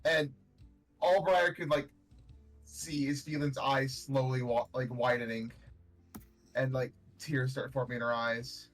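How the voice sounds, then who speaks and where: A man's voice: mid-range voice, steady tone, unhurried, long pauses, faint music behind, low-quality recording. A man narrating as game master in a tabletop game, loose and full of fillers. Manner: loose, filler-heavy storytelling.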